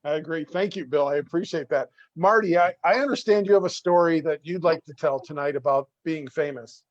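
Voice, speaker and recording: A man's voice: a little high, a little fast, no room sound, dull audio. A man hosting a casual interview with an affable, agreeable manner. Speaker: host.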